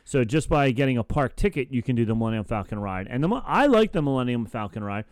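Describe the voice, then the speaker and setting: A man's voice: mid-range voice, animated, fast talker, dry recording. A man co-hosting a casual podcast, chatty and playful as he brings up news items. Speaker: podcast co-host. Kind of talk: casual chat.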